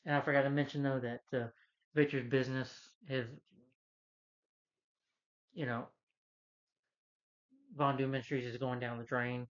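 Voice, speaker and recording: A man's voice: mid-range voice, level tone, a little slow, long pauses, highs cut off. A man giving a casual movie review, rambling through the plot with lots of "you know" and "he's like". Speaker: film reviewer.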